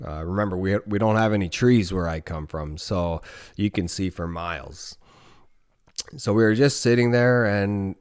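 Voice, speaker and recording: A man in his thirties from northern Canada, telling a story as a podcast guest in a relaxed, rambling way with swearing and restarts. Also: low voice, normal speed, smooth. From Nunavut, northern Canada. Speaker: podcast guest, former hockey player. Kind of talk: casual storytelling.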